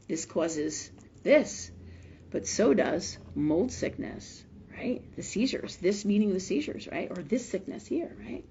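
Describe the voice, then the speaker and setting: A woman's voice: medium pitch, breathy edge, dull audio. A middle-aged woman hosting a live spiritual health show, telling a story emotionally and emphatically, swearing freely and often asking "right?".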